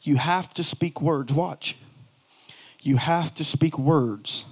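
A man preaching a sermon in a notably high voice. He climbs into loud, shouting emphasis and then drops to quiet, low asides. He acts out quoted lines in mocking little voices. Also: slow. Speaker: pastor.

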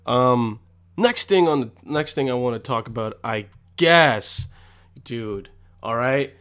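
A man's voice: medium pitch, animated, takes it slowly, a bit bright. A young man ranting to camera with constant swearing, rambling and mock exasperation. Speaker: vlogger. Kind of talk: profane comedic rant.

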